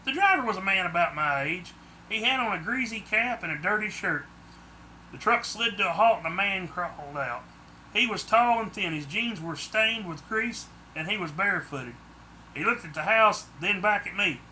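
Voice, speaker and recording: A man's voice: high voice, expressive, normal speed, sharp tone, a little hiss or hum. A man narrating his own book in the first person, plain audiobook storytelling.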